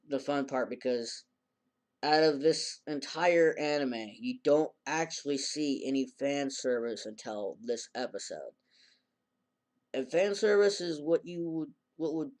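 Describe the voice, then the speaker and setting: A man's voice: mid-range voice, darkish tone. A man casually recapping an anime episode in a rambling way, acting out the characters' lines in a raised voice. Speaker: anime reviewer.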